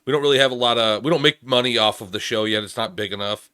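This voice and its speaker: A man's voice: medium pitch, fast talker, pushed and bright, clear, resonant tone, no room sound, studio quality. A man hosting a casual podcast, asking easygoing, rambling questions. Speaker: podcast host.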